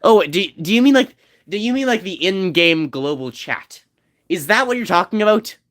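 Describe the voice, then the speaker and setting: A man's voice: sits high, animated, normal speed, fairly bright tone. A man streaming a game, chatting casually and joking with his viewers in a rambling way. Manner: rambling, joking, talks to chat. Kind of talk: casual gameplay chat.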